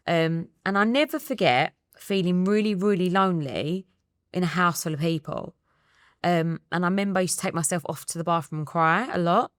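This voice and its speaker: A woman's voice: low voice, dry recording, clean studio sound. A woman in her thirties with an Essex accent, speaking candidly and reflectively as an interview guest. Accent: Essex English. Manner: candid, quietly reflective, quotes her own thoughts.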